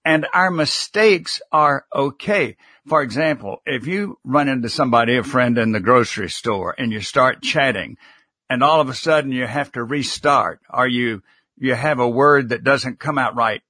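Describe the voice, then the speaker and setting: A man with a bright, forward voice talks in a measured, instructive way about public speaking. He adds light touches of humor as a guest on a live interview. The sound is dry and close, with no room echo. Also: medium pitch. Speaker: communication consultant and author. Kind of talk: live-stream interview guest giving advice.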